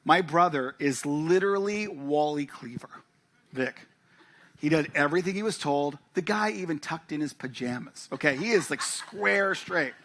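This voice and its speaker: A man's voice: fairly high pitch, moderate pace, a bit bright. A man preaching a sermon, telling a personal story and acting out family dialogue. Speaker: pastor. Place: church.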